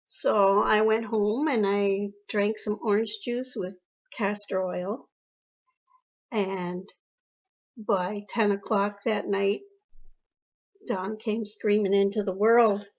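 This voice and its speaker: A woman's voice: medium pitch, fairly even intonation, takes it slowly. An older woman being interviewed about her daughter, telling family stories in a fond way and repeating phrases. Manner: warm storytelling, emotional, repeats phrases. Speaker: interviewee, mother. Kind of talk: reminiscing interview. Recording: dull lo-fi recording.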